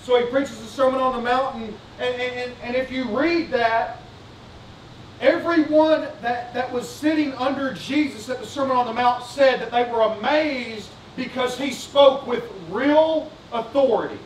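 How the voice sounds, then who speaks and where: High-voiced pastor preaching in a roomy church. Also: male voice, measured pace, a little hiss or hum. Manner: fervent, repetitive, asks the congregation questions. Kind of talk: sermon. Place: church sanctuary. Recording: roomy sanctuary sound, distant mic.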